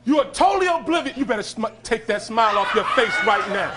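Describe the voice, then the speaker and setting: A man, a motivational speaker, sternly shouting and scolding a teenager on a talk show stage. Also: high voice, lively intonation, fast talker, few pauses, a loud crowd, very noisy. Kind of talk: confronting a teen on a talk show. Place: TV studio with audience.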